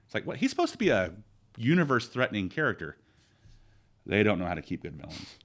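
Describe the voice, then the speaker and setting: A somewhat low-voiced man co-hosting a casual podcast. He rambles through his opinions and keeps restarting his sentences. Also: sing-song, fast talker, a bit bright. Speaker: podcast co-host. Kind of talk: casual chat.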